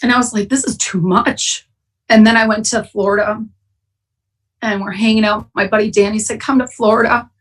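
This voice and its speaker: A woman's voice: fairly high pitch, steady tone, normal speed, distant mic, rough recording. A woman from Wisconsin speaking candidly and emotionally as a speaker at a recovery meeting. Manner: emotional, candid, choking up at times. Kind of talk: personal recovery share. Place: online conference, at home.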